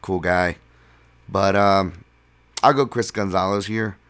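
A man with a very low voice hosts a solo podcast. He talks in a loose, rambling way and leans on "um" and "uh" as he thinks. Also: slow, clean tone. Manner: relaxed, rambling, filler-heavy. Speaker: podcast host. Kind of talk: casual solo podcast talk.

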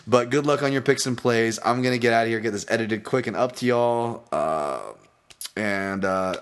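A man's voice: mid-range voice, moderate pace, clean tone. A man hosting a solo podcast, rambling casually, swearing freely and restarting his sentences. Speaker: podcast host, fight analyst.

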